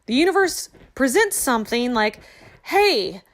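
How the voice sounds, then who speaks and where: A woman hosting a podcast, telling a personal story in a chatty, animated way with lots of fillers. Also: on the high side, normal speed. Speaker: podcast host. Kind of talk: casual storytelling monologue.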